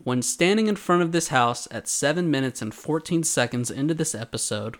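A man co-hosting a casual podcast about an anime, talking in an animated, sarcastic way. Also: fairly high pitch, a little fast. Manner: animated, sarcastic, acts out quoted lines. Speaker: podcast co-host. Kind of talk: casual anime recap chat.

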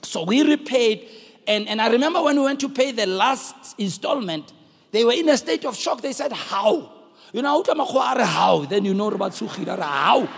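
South African pastor preaching with gravelly fervor. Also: male voice, very high voice, animated, fast talker, in a large hall. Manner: preaching with shouted, sung-out exclamations to the congregation. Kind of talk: sermon.

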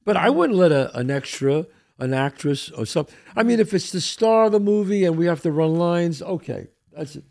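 A man's voice: a little high, moderate pace, creaky. An older man hosting a podcast, chatting casually and telling stories in a streetwise, old-school way, often repeating his words. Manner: animated storyteller, repeats words, street-wise. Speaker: podcast host. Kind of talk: casual chat.

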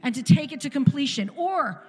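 A woman in her forties gives an impassioned church testimony, a sermon in which she fires off repeated rhetorical questions. Her high-pitched voice is animated and fairly quick, with a long reverb tail and faint music behind it.

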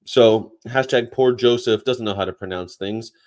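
A man's voice: medium pitch, normal speed, a little mellow. A man hosting a livestream, chatting casually and rambling between topics and read-aloud definitions. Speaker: livestream host.

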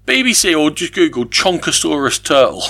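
Brief: British male podcast co-host, teasing banter, slightly high lively voice. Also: a little fast. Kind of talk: casual chat about board games.

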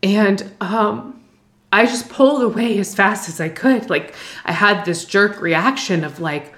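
A young woman telling an emotional personal story, halting and distressed, full of fillers and restarts. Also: medium pitch, a bit bright. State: distressed, near tears.

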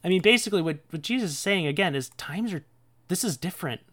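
A man's voice: high voice, animated, quick pace, fairly bright tone. Chatty man, laughing podcast host. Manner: chatty, laughs often, many fillers and restarts. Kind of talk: casual podcast talk on scripture.

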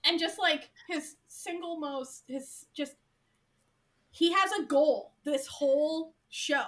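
A woman's voice: high-pitched, slow, a bit bright. A woman co-hosting a casual podcast, gushing about a show, swearing freely and saying "like" a lot. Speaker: podcast co-host.

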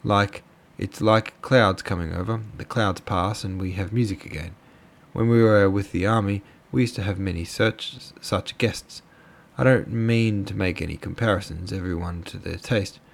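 A man's voice: low voice, moderate pace, creaky, few pauses. A man voicing a half-mad crippled older mother who rambles on with self-pity. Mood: rambling. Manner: rambling, aggrieved.

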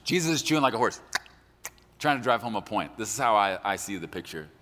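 A man preaching a sermon as pastor, animated and joking, acting out quotes in a large church. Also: fairly low pitch, quick pace. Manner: animated, jokey, acts out quotes. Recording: long hall reverb.

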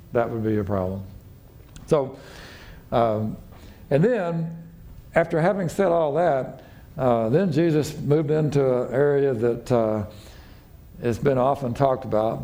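A man preaching a sermon as pastor, telling a parable in a conversational way and acting out the lines of the people in it. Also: dark tone. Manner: conversational storytelling, acting out quotes with raised pitch.

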